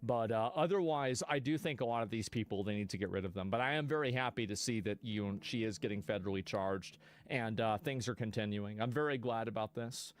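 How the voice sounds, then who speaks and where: A man streaming live, reacting bluntly to clips with profanity and sudden loud outbursts. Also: on the low side, brisk, hardly any pauses.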